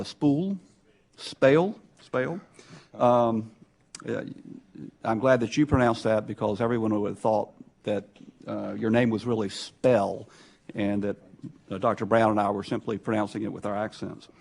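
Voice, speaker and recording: A man chairing a congressional hearing, introducing witnesses in a loose, halting way. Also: lowish voice, little pitch movement, gravelly, a little mellow. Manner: halting, loose, with many hesitations. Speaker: subcommittee chairman.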